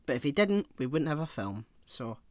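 Male podcast co-host, blunt and sweary, voice sitting a touch high. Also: big pitch swings, normal speed, a little mellow, dry recording. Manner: blunt, swears freely, trails off with restarts. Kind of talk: casual film chat.

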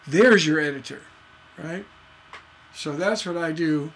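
A man teaching songwriting in a casual, animated way, acting out scenes as he talks. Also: a little high, takes it slowly, a little hiss or hum. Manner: animated storytelling, acts out voices. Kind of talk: casual instructional talk.

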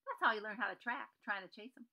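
Brief: woman reading as brash, determined frontier woman, western drawl, bright. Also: mid-range voice, expressive, fast talker, gravelly, heavily acted.

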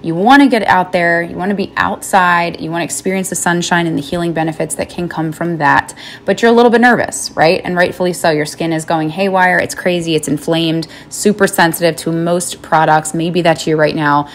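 Earnest, chatty woman podcast host, lowish voice. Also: steady tone, brisk, slight background noise. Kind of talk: podcast monologue.

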